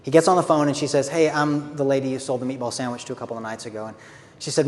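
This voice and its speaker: A man's voice: medium pitch, level tone, very fast. A man telling a story in a conversational, earnest way, sometimes giving a brief laugh. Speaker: speaker, author. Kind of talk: storytelling talk. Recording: long reverb, faint background noise.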